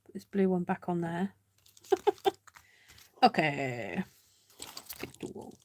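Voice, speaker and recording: A woman's voice: fairly low pitch, animated, slow pace, a little mellow. A woman hosting a live card-making demonstration, chatting and thinking aloud as she works, poking fun at herself and greeting viewers by name. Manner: chatty, self-mocking, thinks aloud while working. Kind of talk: casual live craft demonstration.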